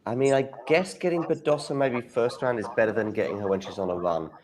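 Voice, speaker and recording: A man's voice: medium pitch, quick pace, crowd noise. A man co-hosting a casual chat, reading out names and reacting briefly. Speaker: co-host.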